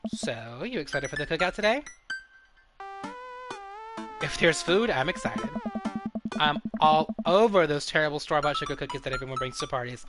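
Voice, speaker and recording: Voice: mid-range voice, lively intonation, moderate pace, pauses often. A streamer narrating a game on a live stream in a chatty, playful way, over game music.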